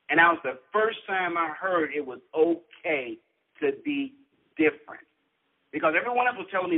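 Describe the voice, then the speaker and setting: A man with a fairly high voice speaks earnestly over a tinny phone line. He builds his points in a rising, preacher-like rhythm, like a motivational speaker. He is a guest telling his own story. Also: lively intonation, normal speed, breathy edge. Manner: earnest and inspirational, preacher-like cadence. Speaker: author and guest.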